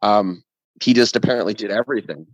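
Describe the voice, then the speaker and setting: A man who plays in a ska band, a guest in a casual podcast interview, telling an animated story that is often profane. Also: on the low side, fast, no echo. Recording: dull lo-fi sound, dry.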